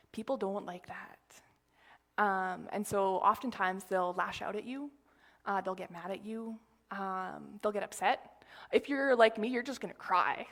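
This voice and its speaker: Woman rambling thru a church talk, lots of ums, side tangents, hushes to a whisper for quotes. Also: mid-range voice, creaky. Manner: chatty and rambling, many fillers and asides. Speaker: church speaker sharing a message. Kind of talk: informal sermon talk.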